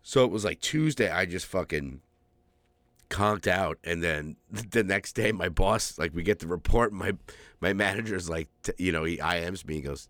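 A man's voice: low-pitched, animated, moderate pace, no room sound. Profane, rambling male podcast co-host. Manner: profane, rambling, laughing storyteller. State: stuffy from a cold. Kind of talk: crude casual chat.

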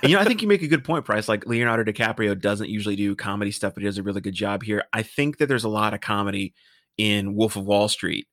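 Brief: male podcaster, casual rambling film chat, low, dry studio sound. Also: quick pace, fairly bright tone, no room sound. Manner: rambling, hesitant restarts. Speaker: podcast co-host.

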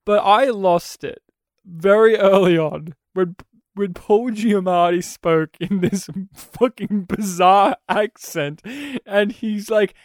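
Animated, laughing podcast host. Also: mid-range voice, dry recording, clean studio sound. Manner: animated, laughing often, quick bursts. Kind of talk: casual film chat.

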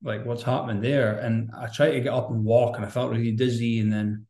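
Guy rambling through his story on a podcast, earnest and candid, mellow dark voice, bit of room echo. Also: medium pitch, level tone, fairly quick. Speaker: podcast guest.

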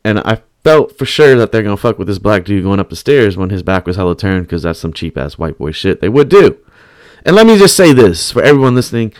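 A man's voice: on the low side, big pitch swings, a little fast, a little mellow, dry recording. A man hosting a podcast, telling a story in profane, rambling casual chat. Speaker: podcast host.

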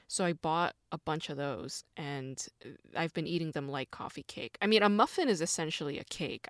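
A woman's voice: deep voice, no room sound. Woman, podcast host, solo casual chat, rambling, self-deprecating, dry close sound. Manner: rambling, self-mocking, frequent fillers.

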